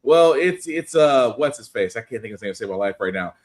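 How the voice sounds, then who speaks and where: A man's voice: mid-range voice, quick pace. A man co-hosting a podcast, chatting casually with rambling restarts. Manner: lively, laughing asides, rambling restarts. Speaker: podcast co-host. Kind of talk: casual chat.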